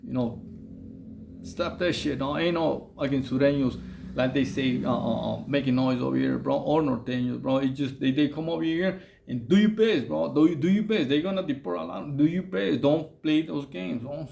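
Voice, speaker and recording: A man's voice: fairly high pitch, normal speed, creaky, a little mellow, a little hiss or hum. A man telling a long story in a casual, rambling way, full of slang and fillers. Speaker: vlogger telling prison stories.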